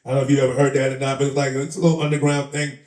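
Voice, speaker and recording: His delivery is completely flat yet racing, in a mid-range voice with a darkish tone. He's a Bronx rapper and comedian guesting in a casual interview at a live shop event, telling animated, streetwise stories with laughter and acting out others' voices. The audio is roomy, the mic a bit far away.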